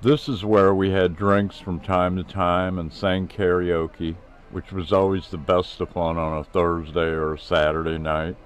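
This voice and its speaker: A man's voice: low-pitched, level tone, measured pace, few pauses. A man reading his own novel aloud in plain first-person storytelling. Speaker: author and narrator.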